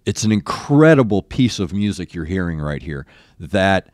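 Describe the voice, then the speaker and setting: An older man, a former rock radio DJ, hosting a reaction video, effusive and earnest, often halting and restarting his sentences. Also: deep voice, very animated, darkish tone, no room sound, studio quality. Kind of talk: reacting to a live concert video.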